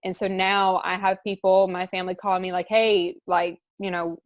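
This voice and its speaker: A woman's voice: medium pitch, little pitch movement, moderate pace, no echo. Young woman, earnest, rambling, dry close sound. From southern Louisiana. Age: young adult. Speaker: student giving a testimonial. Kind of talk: candid testimonial chat.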